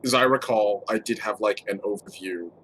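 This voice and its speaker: A man playing a tabletop game, talking in a rambling, animated way. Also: lowish voice, moderate pace, background noise. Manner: animated, rambling, laughs often. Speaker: player. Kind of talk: casual tabletop play.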